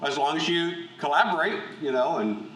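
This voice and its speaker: A man leading a Bible study group, reading scripture aloud and then talking it through in a measured, thoughtful way with frequent restarts. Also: on the high side, distant mic, crowd noise. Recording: echoey room, voice from off-mic, faint hum.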